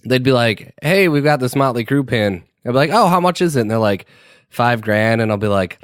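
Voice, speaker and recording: A man co-hosting a podcast in easygoing chat, his voice smooth and resonant at a middle pitch. He tells stories by acting out both sides of a conversation and swears casually. The recording is dry and close to the mic. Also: normal speed, no room sound. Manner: animated, acts out quoted exchanges, swears casually. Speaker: podcast co-host.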